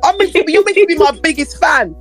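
A woman's voice: quick pace, faint music behind. A middle-aged woman co-hosting a casual podcast, telling funny family stories and acting out what people said. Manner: animated storyteller, acts out quotes with big pitch swings. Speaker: podcast co-host. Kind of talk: casual chat.

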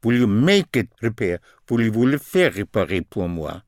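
A man teaching a recorded language lesson, slowly repeating each phrase and its translation. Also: lowish voice, very animated, darkish tone, no echo, studio quality. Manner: slow, deliberate, repeats phrases in two languages.

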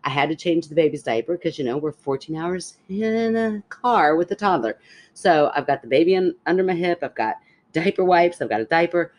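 A woman's voice: low voice, brisk. A woman, a podcast co-host telling a story in casual chat and laughing as she talks. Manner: animated storyteller, laughs while talking.

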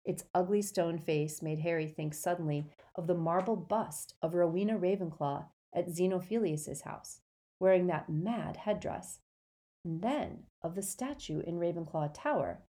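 A woman narrating a storybook in a steady, measured way. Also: lowish voice.

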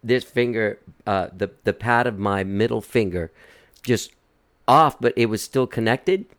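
Male host, lowish voice, loose rambling storyteller who laughs through anecdotes and swears freely. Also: measured pace, a bit bright. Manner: rambling, laughs while telling stories, swears casually. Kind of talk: casual storytelling chat.

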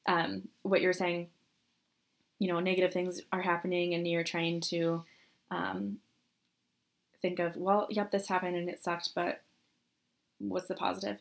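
Chatty young woman telling a story. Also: on the low side. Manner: chatty storyteller, laughs often, acts out quotes. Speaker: podcast co-host. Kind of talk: casual chat.

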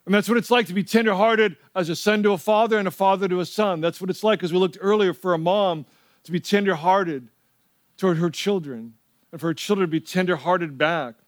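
A man's voice: high voice, fairly quick, no room sound, clean studio sound. A middle-aged male pastor preaching a sermon, telling stories in a conversational way and prompting the audience to respond.

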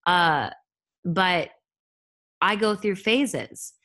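Chatty woman podcaster, slightly low voice. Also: extremely slow. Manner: candid, chatty, animated asides. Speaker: holistic health coach and podcast host. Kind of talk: solo podcast monologue.

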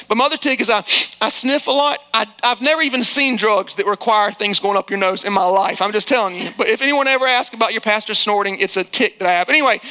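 A middle-aged male pastor preaches with a very high, bright voice. His tone is smooth and clear. He tells stories in a chatty way, with self-deprecating asides. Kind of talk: sermon with comic storytelling.

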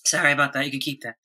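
A woman playing a tabletop role-playing game, playful and expressive. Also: rumbling low. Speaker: player. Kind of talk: tabletop role-play chat.

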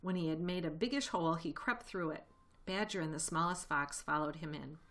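Bright, lively woman reading a storybook. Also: sits low, a little fast. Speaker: narrator. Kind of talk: audiobook reading.

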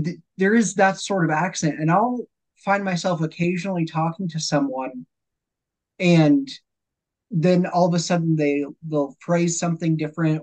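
A host born and raised in America, chatting casually with a guest and leaning on fillers. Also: mid-range voice. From United States. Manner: relaxed, chatty, uses fillers. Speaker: podcast host. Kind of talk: casual interview talk.

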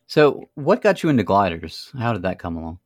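A male interviewer asks relaxed, short questions. His voice sits low but moves around a lot in pitch. The recording is dry. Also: fairly quick, no echo. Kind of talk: conversational interview.

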